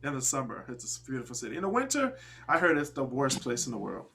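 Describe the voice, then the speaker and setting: A man's voice: medium pitch, quick pace, gravelly, a little hiss or hum. A man hosting a casual group chat, joking around and moving the talk from one topic to the next. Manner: animated, joking, leads the topics.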